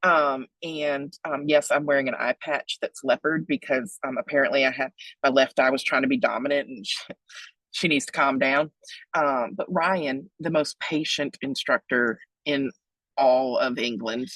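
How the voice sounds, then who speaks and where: Husky, playful woman presenter in her forties. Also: no echo, rough recording. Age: 40s. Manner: playful, joking, chatty asides; big excited pitch jumps. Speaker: webinar presenter on donor relations. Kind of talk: lively online webinar talk.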